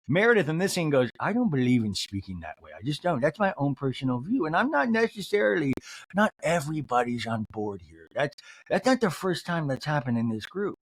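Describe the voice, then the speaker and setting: A man hosts a comedic recap podcast and leaps between his own voice and playful impressions of the cast. His pitch swings widely and sits a little high for a man. The sound is dry and close, with no room around it. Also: big pitch swings, normal speed, fairly bright tone, no room sound. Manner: acts out each cast member's lines in put-on voices. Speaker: podcast host. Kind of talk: comedic reality-show recap.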